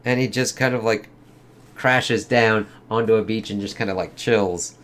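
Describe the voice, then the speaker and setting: A man with a lowish voice talks through a comic book review in a loose, casual way. He swears freely and uses plenty of fillers. Faint noise sits underneath. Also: normal speed, a bit bright. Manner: loose and profane, lots of fillers.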